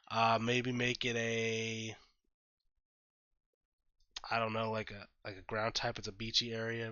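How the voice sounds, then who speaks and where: A man's voice: medium pitch, bright, forceful tone, dry recording, muffled recording. A man doing casual reaction commentary on a game, thinking aloud with lots of fillers and the odd blunt curse. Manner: blunt and profane when annoyed. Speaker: gaming YouTuber.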